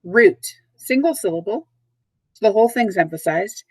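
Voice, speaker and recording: A patient woman teacher walks through a recorded vocabulary lesson at a middle pitch. She speaks clearly and repeats each word slowly. The sound is close and dry, with no room around it. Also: dry recording, low-quality recording. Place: at home, dogs nearby.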